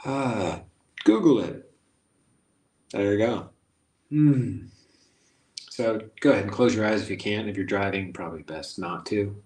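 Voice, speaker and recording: A man's voice: on the low side, a little slow, pauses often, a little mellow. A man hosting a casual guided self-help session, who talks in a playful, rambling, jokey way and repeats phrases. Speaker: host. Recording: echoey room.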